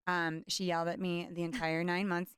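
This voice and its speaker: Passionate woman host, fast bursts, low voice, dry close sound. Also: flat delivery, fairly bright tone, clear, resonant tone, dry recording. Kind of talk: heartfelt interview talk.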